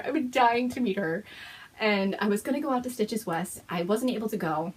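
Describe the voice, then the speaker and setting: A woman hosting a knitting podcast, showing things on camera in a gushing, excited chat, with frequent gasps and whispered exclamations. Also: medium pitch, moderate pace, slightly rough. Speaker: host of a knitting and fiber podcast. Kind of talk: excited casual show-and-tell chat.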